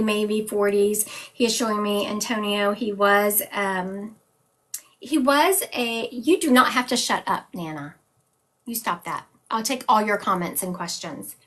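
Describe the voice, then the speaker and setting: A woman's voice: mid-range voice, fairly bright tone. A woman hosting a live psychic reading stream, relaying visions and chatting with viewers between readings. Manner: describes visions as "he is showing me". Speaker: psychic medium host.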